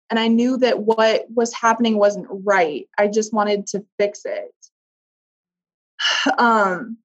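A woman as an interview guest, telling a personal story in a candid, emotional way, often halting and searching for words. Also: on the high side. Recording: dull lo-fi audio.

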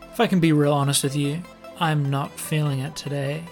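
A man's voice: fairly high pitch, steady tone, moderate pace, a little mellow, faint music behind. A man in his thirties hosting a podcast, talking frankly about himself and laughing often. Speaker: podcast host. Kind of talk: candid podcast talk.

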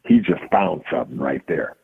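A man, a hitting coach and podcast guest, telling a lively story and acting out the dialogue. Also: rumbling low, moderate pace, vocal fry, a little hiss or hum. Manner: acts out quoted dialogue. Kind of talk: animated storytelling. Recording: tinny phone-like line.

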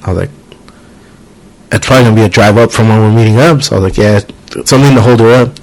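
A podcast host chats casually in a fairly low, very fast male voice, rambling, cursing freely, and acting out the people in his stories. The recording quality is low.

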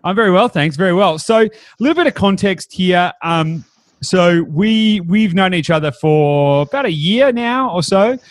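A man's voice: high voice, lively intonation, moderate pace, no echo. A man hosting a podcast, chatting upbeat with fillers and restarts. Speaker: podcast host. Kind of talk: casual podcast chat.

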